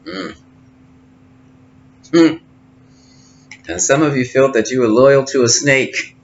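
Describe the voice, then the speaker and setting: A man doing a tarot card reading, musing and thinking aloud with pauses, recorded at home. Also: medium pitch. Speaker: tarot reader. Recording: slightly dull lo-fi sound with faint noise.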